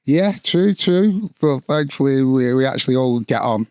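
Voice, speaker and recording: A man in his late forties from Lancashire with a Lancashire accent, talking casually as a podcast guest and pausing often with fillers. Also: mid-range voice, animated, mellow, clear, resonant tone, dry recording, clean studio sound. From Blackburn, Lancashire, England. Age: late 40s. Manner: rambling, halting, many fillers. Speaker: guest entrepreneur.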